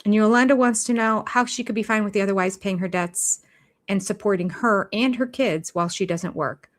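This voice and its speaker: An older woman reacts live to a reality show, blunt and sarcastic, often breaking into laughter. Her pitch sits mid-range for a woman, and her tone is opinionated and chatty. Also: brisk. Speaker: reaction vlogger.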